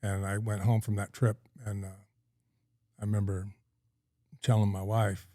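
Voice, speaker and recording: On a podcast, a middle-aged man from California casually rambles through a long story, folksy and full of ums and uhs. His warm voice sits on the low side, with a level tone and moderate pace. It's studio quality with no room sound.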